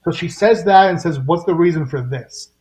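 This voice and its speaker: A man co-hosting a podcast, recapping a comic and reading its dialogue briskly with strong opinions. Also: a little high, darkish tone, echoey room, low-quality recording. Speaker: podcast co-host. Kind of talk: casual recap chat.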